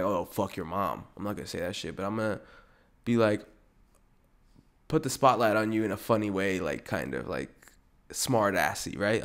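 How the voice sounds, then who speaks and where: Profane, animated young man ranting. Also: lowish voice. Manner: animated, profane, jumps into mocking voices. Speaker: podcast host. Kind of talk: casual ranting monologue.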